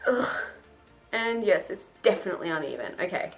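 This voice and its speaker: A woman's voice: fairly low pitch, very animated, brisk. Young woman, chatty vlogger voice, self-mocking and casual, faint music underneath. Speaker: beauty vlogger. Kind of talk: casual chat while doing makeup.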